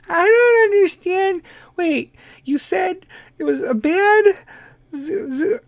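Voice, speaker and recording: A man putting on the voice of a ditzy, whiny celebrity woman who asks slow, confused, defensive questions. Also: extremely high pitch, animated, no room sound, voice pushed up, heavily acted.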